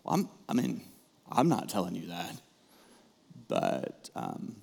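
A man preaching a sermon as pastor, talking in a conversational way and turning lively when he acts out the people in the story. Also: deep voice, takes it slowly, creaky. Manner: conversational, animated when acting out characters.

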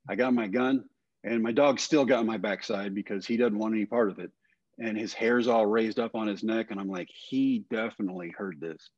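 An older man with a low voice tells a personal story in an earnest, plain-spoken way, often dropping softly at the ends of phrases. The audio is dry and a little dull, like a lo-fi podcast recording. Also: no room sound. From Texas. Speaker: guest.

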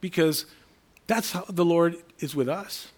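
A man's voice: fairly high pitch, unhurried. Man preaching a conversational sermon. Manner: conversational, acts out imagined voices.

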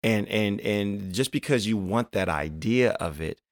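A male podcast host with a somewhat low voice talks in an earnest, encouraging way. He circles back and repeats his main points as he speaks to his listeners. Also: lively intonation, unhurried. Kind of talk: faith-based podcast conversation.

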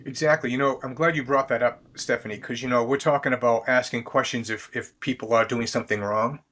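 A man's voice: mid-range voice, steady tone, fairly quick, fairly bright tone. A man appearing as a guest on an interview show, explaining leadership habits in an easygoing way with many fillers and restarts. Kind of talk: conversational interview.

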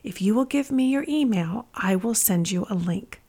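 A woman voicing an earnest, formal German woman on the phone in slow, careful phrases while reading a letter aloud. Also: mid-range voice, expressive, warm tone, breathy edge.

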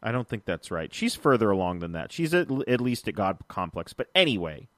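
A man with a fairly low voice hosting a casual podcast chat. He rambles along easily, full of fillers and restarts. The sound is dry and close, with no room around it. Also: big pitch swings, brisk, no room sound. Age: adult, uncle of a three-year-old. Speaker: podcast host.

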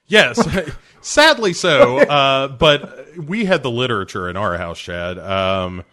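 A man's voice: medium pitch, slow pace, pushed and bright. A man co-hosting a casual movie-review podcast, often breaking into laughter as he talks. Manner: laughs often while talking. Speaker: podcast co-host.

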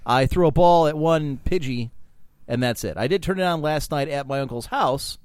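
A man's voice: fairly high pitch, moderate pace, darkish tone, clean tone, dry recording, studio quality. A man co-hosting a podcast in casual, profane chat, crude and sarcastic. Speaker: podcast co-host.

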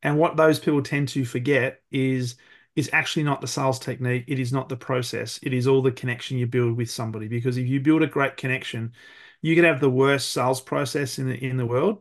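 A man hosting a podcast interview, thoughtful, summing up his guest's points with pauses and restarts. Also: mid-range voice, fairly even intonation. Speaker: podcast host.

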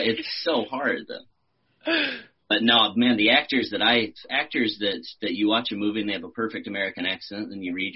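A man's voice: on the low side, breathy edge, highs cut off. A man from Texas, an actor and musician in his thirties, chatting casually on a podcast, laid-back, swearing and laughing often. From Austin, Texas.

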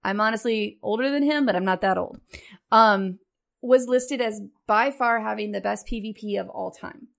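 A woman's voice: mid-range voice, moderate pace, vocal fry, fairly bright tone. A woman co-hosting a casual gaming podcast, playful and teasing, swearing freely as she chats. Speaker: podcast co-host.

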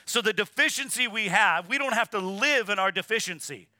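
A man's voice: sits high, animated, brisk, bright, forceful tone, no room sound. A man preaching a sermon as pastor, emphatic and repetitive, calling on the congregation to answer back. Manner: emphatic preaching, repeats words, asks congregation to respond. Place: church sanctuary.

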